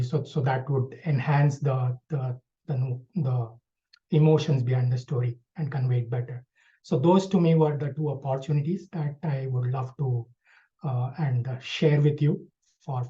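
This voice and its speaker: A man's voice: mid-range voice, mellow. Hesitant man giving a speech evaluation. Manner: hesitant, many fillers and restarts. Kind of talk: online club speech evaluation. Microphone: video call. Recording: dull lo-fi video call audio.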